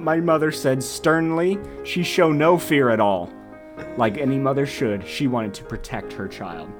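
A man's voice: mid-range voice, a little slow, soft background music. A man co-hosting a casual podcast, reading fan fiction aloud with laughing, overblown drama and joking asides. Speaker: podcast co-host.

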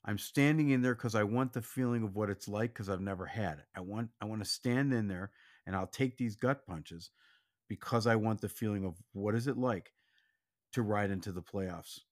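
A man co-hosting a casual sports podcast, speaking earnestly and reflectively, sometimes dropping to a quiet voice. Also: on the low side, moderate pace. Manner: earnest, reflective, drops to a soft, quiet voice when doubtful. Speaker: podcast co-host.

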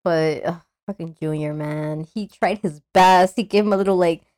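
A woman in casual chat, animated and joking, acting out monster scenes in high voices. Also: normal speed, no room sound.

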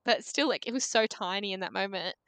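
A woman's voice: mid-range voice, fairly quick, fairly bright tone, no room sound. Aussie woman in her 20s chatting away as a podcast guest, lots of "like", dead dry sound. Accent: Australian. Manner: chatty, full of "like", acts out dialogue. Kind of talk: casual storytelling.

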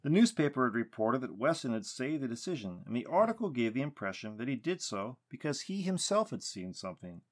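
A man narrating a story in an expressive reading style. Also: medium pitch, a little fast, hardly any pauses.

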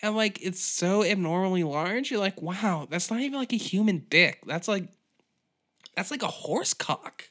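A man's voice: sits high, expressive, moderate pace, fairly bright tone, pitched above the performer's own voice. A man voicing a nervous female restaurant staffer who stammers and then turns crude. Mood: crude gleeful. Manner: stammering, giggly. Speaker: comedy podcast skit character.

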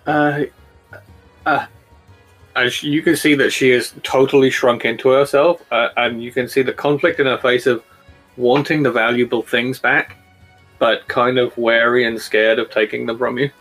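Game master, male, middle-pitched, halting delivery with soft music underneath. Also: steady tone. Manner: hesitant, many fillers and restarts. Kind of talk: narrating a tabletop game and voicing guards.

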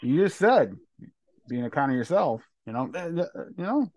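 Male podcast co-host, a bit high-pitched, joking, dry close sound. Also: sing-song, moderate pace, darkish tone, dry recording, dull audio. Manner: loose, joking, trash-talking. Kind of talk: casual podcast banter.

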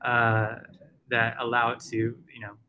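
A man's voice: medium pitch, completely flat delivery, measured pace, phone-quality sound. A man with a Southern American accent, a podcast guest talking casually and rambling with lots of fillers. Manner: rambling, full of fillers and restarts.

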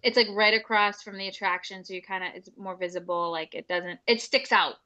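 Bright-voiced chatty woman, lo-fi. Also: medium pitch, fairly even intonation, brisk. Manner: chatty, teasing, laughs often. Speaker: podcast co-host. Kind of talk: casual chat.

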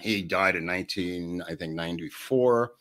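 Older NY guy, very low voice, chatty podcast co-host who acts out every quote. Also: moderate pace, fairly bright tone. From New York. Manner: rambling anecdotes, laughing often, pitch jumping up when acting out quotes. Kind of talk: storytelling in casual chat.

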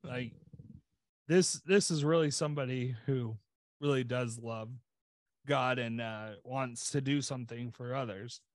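A man's voice: medium pitch, unhurried, no room sound, studio quality. A man co-hosting a podcast, telling a story in casual chat with lots of "like" fillers. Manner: rambling storyteller, many "like" fillers. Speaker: podcast co-host.

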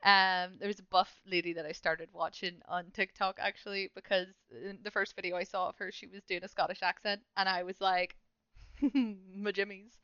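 A woman's voice: mid-range voice, level tone, normal speed, a bit bright, clean tone, no echo, dull audio. A woman hosting a casual gaming podcast, rambling and self-mocking with frequent laughter. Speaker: podcast host.

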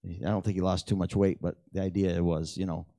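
Gravelly low-voiced man telling stories. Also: a little fast, no echo, clean studio sound. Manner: animated storyteller who acts out dialogue with big pitch jumps. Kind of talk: storytelling testimony talk.

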